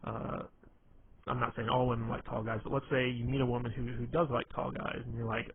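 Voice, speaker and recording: A man's voice: medium pitch, flat delivery, brisk, creaky. A man talks through dating advice in a loose, rambling way, with plenty of fillers and restarts. The sound is thin and tinny like a phone line, with a faint hiss underneath. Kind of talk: casual instructional talk.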